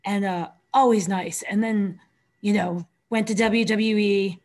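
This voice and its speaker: A woman's voice: medium pitch, fairly even intonation, a little slow, a little mellow. A woman hosting a podcast in a chatty, easygoing way. She laughs through her stories and briefly acts out what people said before going back to plain talk. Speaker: podcast host, wrestling trainer. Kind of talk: casual podcast chat.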